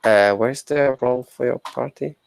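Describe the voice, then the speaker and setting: A man's voice: mid-range voice, vocal fry, slight background noise, rough recording. A man playing a tabletop game, talking casually and stammering as he works out his move. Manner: halting, stammering. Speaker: player.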